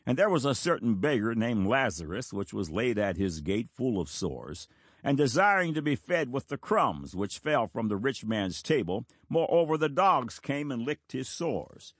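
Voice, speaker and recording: A man's voice: mid-range voice, big pitch swings, moderate pace, breathy edge, dry recording. A man delivering a sermon, earnest and emphatic, with a voice that rises and falls a great deal as he presses each point. He reads scripture in between his own remarks. The sound is dry and close, with no room around it. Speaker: preacher.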